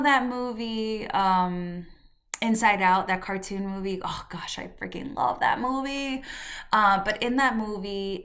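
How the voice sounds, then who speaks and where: A woman's voice: mid-range voice, a bit bright. A woman podcast host telling a personal story in a candid, reflective way, with fillers and restarts. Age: adult.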